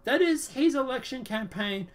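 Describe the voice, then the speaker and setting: A man's voice: very high-pitched, lively intonation, moderate pace. A man hosting a casual political chat show, talking in a rambling, sarcastic, emphatic way. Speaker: show host.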